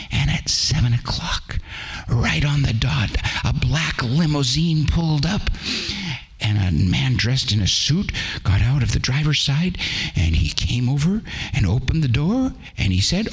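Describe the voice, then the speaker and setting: A male storyteller reading a Christmas tale to a church gathering, his pitch swinging widely. His voice is husky and expressive.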